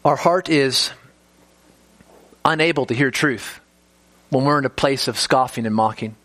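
A man's voice: mid-range voice, a little slow, a bit bright, no room sound. A man preaching an expository sermon, earnest and emphatic, piling up rhetorical questions.

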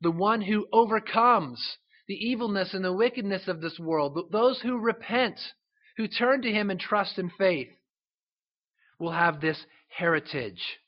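A man preaching a sermon as a pastor, emphatic and slowing down to stress scripture. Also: high-pitched, expressive, lo-fi sound.

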